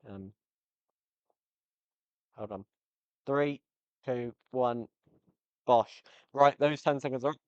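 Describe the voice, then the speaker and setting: A man's voice: medium pitch, slow, long pauses, no echo. A man hosting a casual football podcast, rambling and joking, easily sidetracked into tangents. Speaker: podcast host. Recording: slightly dull lo-fi audio.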